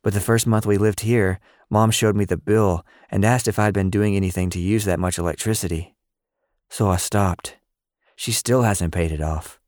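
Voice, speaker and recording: Guy doing a worn-out kid, quiet and weary, low deep voice, dry. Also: fairly even intonation, moderate pace, no room sound, lightly acted. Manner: soft and weary. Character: tired, weakened boy with powers.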